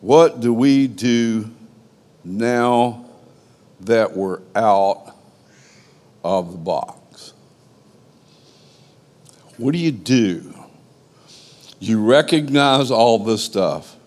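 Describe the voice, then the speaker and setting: Male preacher, unhurried and emphatic, repeating phrases for weight; church hall with long echo. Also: medium pitch, a little mellow. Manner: emphatic, repetitive preaching cadence. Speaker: pastor. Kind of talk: sermon. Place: church sanctuary.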